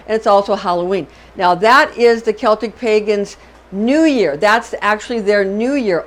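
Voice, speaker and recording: A middle-aged woman hosting an astrology talk, chatty and digressive, often repeating herself and checking in with "okay?". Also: mid-range voice. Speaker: astrology channel host. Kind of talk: unscripted astrology lecture.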